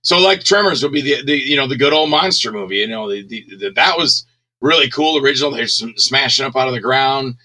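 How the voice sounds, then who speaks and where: A middle-aged man, a guest filmmaker, talking in a rambling, animated way in a casual interview. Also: medium pitch, brisk, poor audio. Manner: rambling, animated, acts out scenes with shouts.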